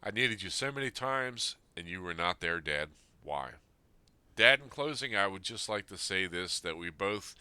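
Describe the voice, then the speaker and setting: Deep, sharp-toned man in his fifties. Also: smooth, dry recording. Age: 50s. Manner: earnest, plain-spoken, reflective. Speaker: podcast host. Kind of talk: reading a personal letter aloud, then reflective talk.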